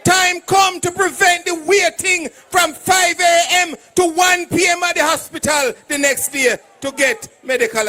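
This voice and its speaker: A Jamaican man, a doctor and political candidate, shouting a fiery rally speech to a crowd of supporters. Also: very high voice.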